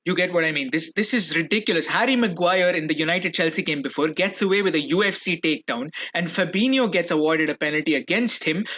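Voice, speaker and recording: A young man hosting a solo fan podcast, switching from chatty excitement to furious, sweary ranting, often repeating himself. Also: sits high. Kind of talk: solo football reaction podcast.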